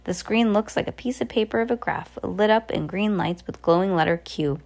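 A woman narrating an amateur audiobook in a gravelly voice of middling pitch. She stumbles and restarts lines often as she reads. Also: moderate pace, a little mellow. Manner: reads with frequent slips and restarts.

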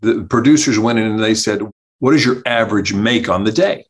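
A man telling a comic anecdote as a podcast guest, animated, acting out the people he quotes and laughing as he goes. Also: lowish voice, a little fast. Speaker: guest storyteller, comedy writer. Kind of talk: casual anecdote.

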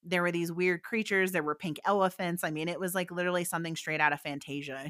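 Bright-voiced woman recounting a story. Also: fairly low pitch, fast talker, few pauses, no room sound, studio quality. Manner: animated, fillers, quotes voices in her stories. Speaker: guest psychic medium. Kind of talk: conversational storytelling.

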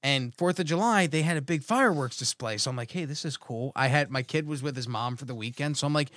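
A middle-aged man telling a rambling, excitable story in casual chat with friends. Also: mid-range voice, fast talker, dry recording. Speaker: podcast co-host.

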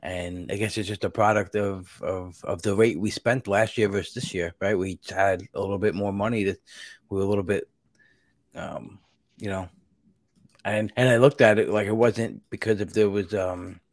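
A man with a fairly low voice hosts a podcast in loose, casual chat. He rambles, breaks off mid-thought and picks the sentence up again. The sound is dry and close. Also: steady tone, normal speed, no echo. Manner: rambling, self-interrupting, laughs between thoughts. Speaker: podcast host.

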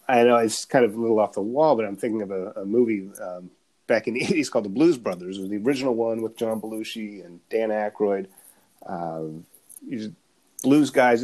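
A man chatting as a guest, telling a story with animated, halting delivery and many fillers. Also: lowish voice. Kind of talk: casual conversation.

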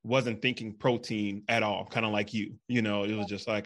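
Podcast host guy, lowish voice, rambly casual chat, lots of you know. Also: moderate pace. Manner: relaxed, rambling, many fillers and restarts.

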